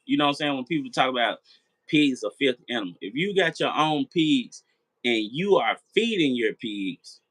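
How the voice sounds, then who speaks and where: A man's voice: mid-range voice, lively intonation, normal speed, fairly bright tone, slightly rough, dry recording, rough recording. A man hosting a late-night live chat, rambling, repeating himself and swearing as he talks straight to his viewers. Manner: rambling, repetitive, profane. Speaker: live stream host.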